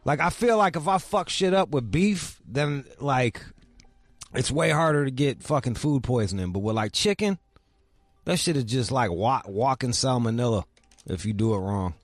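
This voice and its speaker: Podcast host, young man, mid-pitched, swears constantly, needles his co-host, dry close sound, faint music underneath. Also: animated, normal speed, dry recording. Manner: crude, teasing, heavy swearing. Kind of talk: casual chat.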